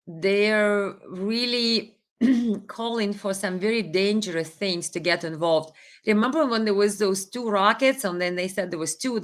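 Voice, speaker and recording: A woman's voice: medium pitch, fairly bright tone. A woman from Ukraine with a Ukrainian accent, hosting a casual livestream, reading viewer comments and talking emphatically with lots of fillers and rhetorical questions. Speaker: livestream host.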